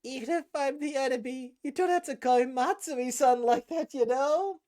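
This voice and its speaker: A woman's voice: sits high, normal speed, mellow, lightly acted. A woman voicing a hot-headed teenage girl judoka who is brash and demanding while reading a comic aloud. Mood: pushy.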